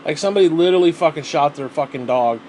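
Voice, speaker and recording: A man's voice: a little high, fast talker, darkish tone, slight background noise. A man ranting alone in a vlog, rambling and exasperated, swearing constantly. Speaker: vlogger. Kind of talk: solo rant to camera.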